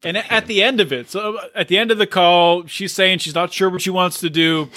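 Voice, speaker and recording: A man's voice: sits high, steady tone, fairly quick, sharp tone. A man co-hosting a podcast, giving dry, wry asides in casual reality-TV chat. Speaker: podcast co-host. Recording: dry close mic.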